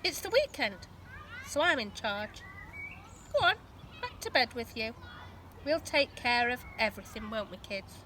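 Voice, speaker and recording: A cheery, bossy storybook father, voiced by a woman reader. He barks brisk orders like a drill sergeant. The voice is bright and bouncy. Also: on the high side, big pitch swings, slight background noise, exaggerated voice.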